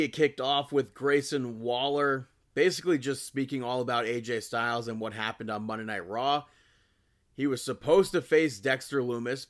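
A man co-hosting a casual podcast, making picks in a relaxed way and laughing at his own jokes. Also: medium pitch. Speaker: podcast co-host. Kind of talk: casual wrestling podcast chat.

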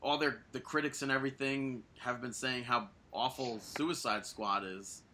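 Bright-voiced rambling male podcast co-host. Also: medium pitch, fairly even intonation, moderate pace. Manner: rambling, self-correcting. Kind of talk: casual chat.

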